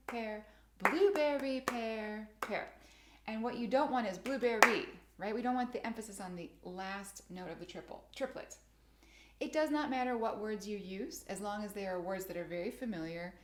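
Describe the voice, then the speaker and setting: A middle-aged woman piano teacher explaining teaching methods in a clear, methodical way, sometimes chanting rhythm words. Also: medium pitch, darkish tone, slight background noise. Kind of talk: instructional video for teachers. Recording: roomy echo.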